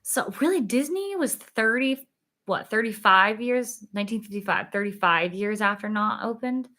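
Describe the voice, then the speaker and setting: A woman's voice: medium pitch, animated, normal speed, bright, forceful tone. A young woman chatting casually on a livestream, reading viewer comments, giggling and filling with "like", a little tired. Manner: chatty, giggly, lots of fillers. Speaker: livestream host.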